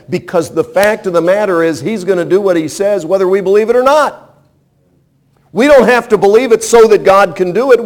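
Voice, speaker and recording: Man preaching, high-pitched voice, emphatic, rhetorical questions. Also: a little mellow. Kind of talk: sermon.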